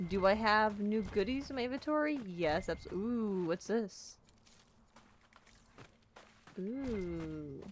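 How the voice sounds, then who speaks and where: A woman let's play streamer gives playful, bubbly, jokey gaming commentary, chatting to the characters on screen. Her voice is mid-range, with slight background noise.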